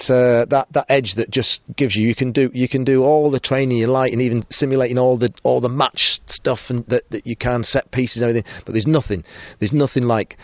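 A man's voice: mid-range voice, no room sound, highs cut off. A man managing a football club, giving a post-match interview, full of restarts and fillers. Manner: hesitant, many restarts and fillers.

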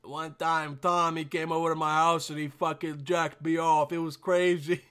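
A young man hosts a podcast alone, rambling and cursing through jokey advice. His voice sits high and sounds bright and sharp. He drops into mumbles, then bursts out loud. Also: flat delivery, moderate pace, smooth. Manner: swings between mumbling and shouting. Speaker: podcast host. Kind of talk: casual rambling monologue.

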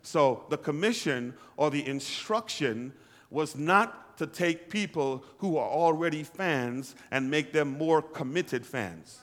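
A man's voice: a little high, animated, takes it slowly, a bit bright, big-room sound. A pastor preaching a sermon to his congregation, calling for responses and repeating lines for emphasis. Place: church hall.

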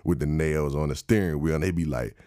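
A young man, giving a wry, mock-instructive comedic rant that jumps high in pitch for emphasis. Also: brisk, dark tone, dry recording, clean studio sound.

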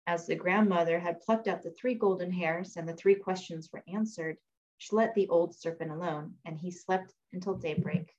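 A woman reading a fairy tale aloud in a measured storytelling manner. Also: lowish voice, darkish tone. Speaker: reader. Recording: dull lo-fi recording.

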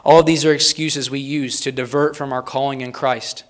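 A man preaching a sermon, reading quotes aloud with rising emphasis and pausing to talk plainly to the congregation. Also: medium pitch, fairly even intonation. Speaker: pastor.

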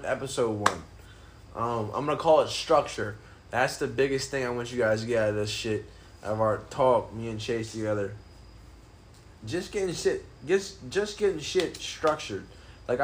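A man's voice: mid-range voice, slight background noise. A man hosting a casual podcast in his apartment, talking loosely and rambling with a lot of swearing. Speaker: podcast host. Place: apartment room.

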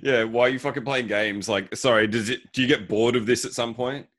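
A man co-hosting a podcast, chatting casually about a movie, relaxed and amused. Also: mid-range voice, a little fast. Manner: laughs often, relaxed and amused. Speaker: podcast co-host.

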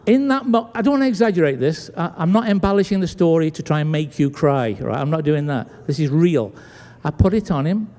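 This is a British pastor with a slightly high voice, talking briskly with few pauses. He preaches in a church sanctuary, performing his story's dialogue with lively energy, and the recording carries long hall reverb.

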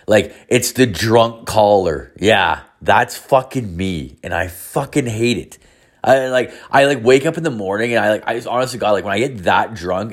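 A man in his thirties hosting a podcast, rambling in a casual, heavily profane, self-mocking monologue. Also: fairly low pitch. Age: 30s. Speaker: podcast host.

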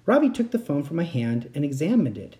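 A man's voice: on the high side, very animated, brisk, mellow. Man reading a children's story aloud. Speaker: audiobook reader. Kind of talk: scripted narration.

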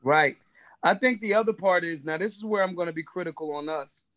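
A man's voice: high voice, brisk, fairly bright tone. A man co-hosting a podcast, talking in a brash, emphatic way with plenty of profanity. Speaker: podcast co-host. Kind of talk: casual podcast chat.

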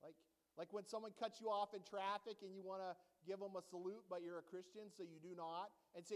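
A male pastor preaching a sermon to a congregation in a church, animated and joking, often checking in with the audience. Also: high-pitched, a little fast, hardly any pauses, in a large hall.

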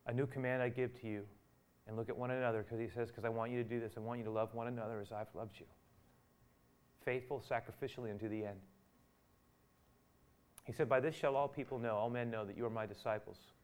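A male pastor preaching a sermon, acting out the dialogue he quotes and rising from quiet to loud. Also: mid-range voice, fairly even intonation, brisk, long pauses.

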